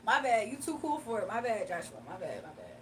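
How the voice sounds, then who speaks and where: A young woman with a high voice talks casually to her stream viewers, laughing a lot and now and then singing a few lines. She sits a little back from the mic, and faint background noise runs under her voice. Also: huge pitch swings, a little fast, a bit bright. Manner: chatty, laughing, breaks into song. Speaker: live streamer. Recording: slightly distant mic with faint room noise.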